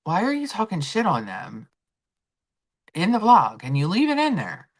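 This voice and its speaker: A woman's voice: lowish voice, wildly swooping pitch, normal speed, slightly rough. A woman hosting a casual chat livestream, rambling and swearing freely as she talks to her viewers. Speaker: livestream host.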